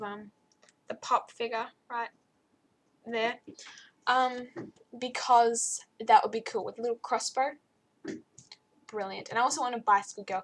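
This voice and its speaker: Chatty, bright-voiced teenage girl. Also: slight background noise. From Australia. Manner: chatty and rambling, voice jumps high when excited. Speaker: vlogger. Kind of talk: casual chat to camera. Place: her bedroom at home.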